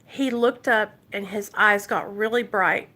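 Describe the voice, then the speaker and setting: A woman's voice: mid-range voice, fairly even intonation, a little slow, bright, forceful tone. A woman from Arkansas telling an emotional story on her recovery vlog and talking straight to her viewers. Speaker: recovery vlogger.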